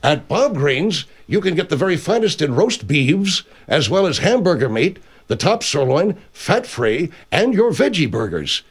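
A man playing a dry, husky radio announcer. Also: a little high, big pitch swings, measured pace, hardly any pauses, heavily acted. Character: deadpan male radio co-host and ad announcer. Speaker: co-host, announcer. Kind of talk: improvised comedy radio bit.

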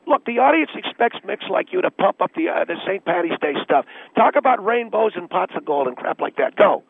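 A man's voice: high voice, lively intonation, moderate pace, vocal fry, slightly rough, no echo, voice pushed up, exaggerated voice. A man voicing a pushy, bigoted male station boss who barks orders impatiently over a call-in line on a comedy radio show. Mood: bossy. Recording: tinny phone line.

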